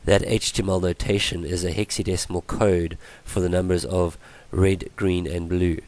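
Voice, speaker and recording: A man explaining web page coding in a screen-recorded tutorial, his voice worn from illness, halting with many ums and restarts. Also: deep voice, level tone, a little mellow. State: voice going from illness. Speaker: tutorial presenter.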